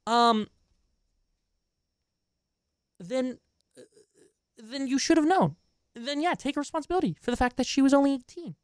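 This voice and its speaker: A man's voice: very high-pitched, normal speed, clean tone, no echo, studio quality. A man streaming a reaction video, ranting in an exasperated, profane way and chatting with his viewers in between. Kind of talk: live-stream reaction commentary.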